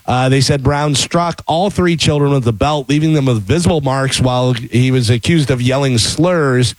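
A man's voice: medium pitch, moderate pace, darkish tone, no echo. A man hosting a casual talk show, reading news items and joking with his co-hosts. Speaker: radio show host. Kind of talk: casual morning show banter.

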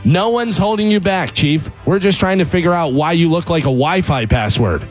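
Male comic, higher voice, sarcastic scripted rant over soft music. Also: lively intonation, moderate pace, poor audio. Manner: sarcastic, exasperated delivery. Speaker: comedy segment presenter.

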